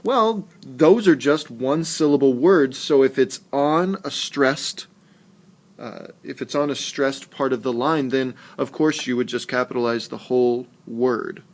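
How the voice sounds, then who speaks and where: A man teaching a lesson on poetry rhythm, talking slowly and deliberately and stressing his syllables. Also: medium pitch. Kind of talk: screencast lesson narration.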